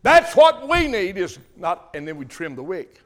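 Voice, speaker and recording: An older man with a drawl delivers a fiery sermon. His voice sits high and ringing, and he swells to loud emphasis on the words that matter. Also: sing-song, normal speed. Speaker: pastor.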